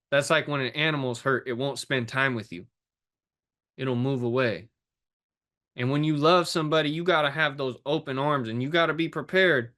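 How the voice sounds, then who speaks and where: This man, a fitness and life coach appearing as an interview guest, speaks with emotion and intensity, cursing now and then. His medium-pitched voice sounds bright and forceful as he delivers impassioned talk.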